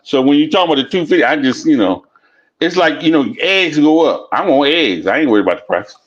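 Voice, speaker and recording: A man's voice: on the high side, lively intonation, fast. A man talking casually and bluntly, swearing often and repeating himself as he tells a story. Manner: blunt, profane, repeats himself while telling stories. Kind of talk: casual chat. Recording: dull lo-fi sound.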